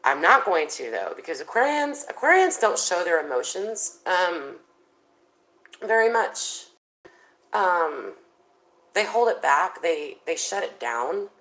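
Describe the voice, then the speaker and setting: Low-voiced woman giving a chatty tarot reading. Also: very animated, slow pace, fairly bright tone, low-quality recording. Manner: chatty, thinking aloud with many fillers. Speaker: tarot reader.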